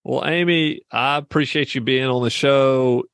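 A man hosts a podcast, chatting casually with his guest and teasing him in a jokey way. His mid-range voice is steady, a touch slow and a bit bright, clear with a resonant tone. The recording is dry, with a clean studio sound.

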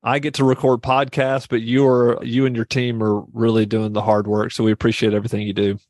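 A man's voice: mid-range voice, level tone, brisk, darkish tone, dry recording. A man hosting a podcast, chatting casually and teasing his guest in a jokey way. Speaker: podcast host.

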